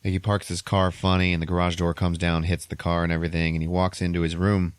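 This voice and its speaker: Low-voiced man recapping a movie casually. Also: fast, smooth, no room sound. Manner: profane, animated storytelling. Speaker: podcast host.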